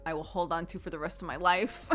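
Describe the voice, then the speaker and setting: A woman in her thirties, a streamer casually answering chat questions in a relaxed, chatty way and laughing often. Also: on the low side.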